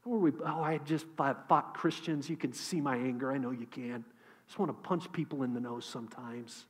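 A middle-aged man preaching a sermon as pastor, candid and conversational, swinging between hushed asides and emphatic calls. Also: mid-range voice, moderate pace. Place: church.

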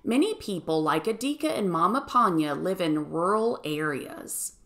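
A woman teacher reading a children's picture book aloud in an expressive storytelling manner. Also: fairly low pitch, normal speed. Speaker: third grade teacher.

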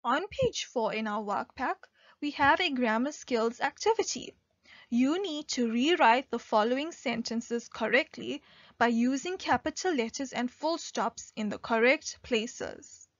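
A woman teaching an online grade one English lesson, speaking slowly and clearly and stressing key words. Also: on the high side, dry recording. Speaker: primary school teacher. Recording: dull lo-fi dry recording.

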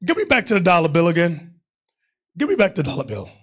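A man's voice: high-pitched, wildly swooping pitch, fast, fairly bright tone, slightly rough. A man teaching a Bible class in an emphatic preaching manner, calling on readers and staff between points.

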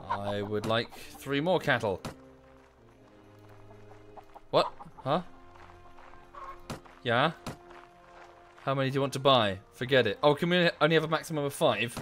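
A man's voice: medium pitch, animated, moderate pace, over music. A young man commenting on his gameplay, easily exasperated and swearing often. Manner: exasperated, swears a lot, shouts at the game. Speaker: gameplay streamer.

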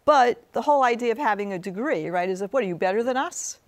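A woman's voice: on the high side, animated, fast talker. A woman professor speaking as a guest in a studio interview. She makes her points earnestly and keeps checking in with the listener by asking "right?".

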